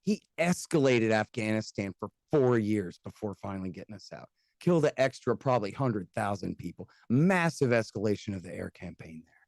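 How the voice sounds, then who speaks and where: A man from the United States, a guest on a casual podcast interview, talking bluntly and sarcastically, with fast rants and mocking quoted voices. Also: lowish voice, animated, darkish tone, no echo. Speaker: guest, antiwar radio host and author.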